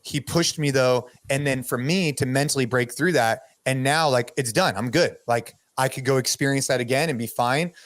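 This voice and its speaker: A middle-aged man hosting a podcast, telling a story in a casual, animated way, with lots of "dude" and "like". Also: mid-range voice, moderate pace, hardly any pauses, dry recording. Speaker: podcast host.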